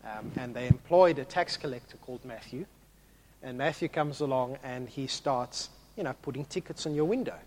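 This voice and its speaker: A man preaching a sermon as a pastor, animated and swinging from hushed to loud. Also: mid-range voice, moderate pace, a little hiss or hum.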